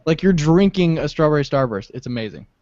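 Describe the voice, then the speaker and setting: Brisk and a little mellow with lively intonation, this young podcast co-host chats casually, telling stories animatedly and laughing often. The recording is dry and has a dull low-fi quality.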